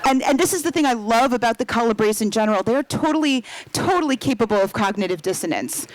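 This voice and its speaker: A woman's voice: a little high, expressive, fast talker, dry recording, low-quality recording. A woman novelist speaking at a live book event in a talkative, storytelling way, with frequent fillers. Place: event room before an audience.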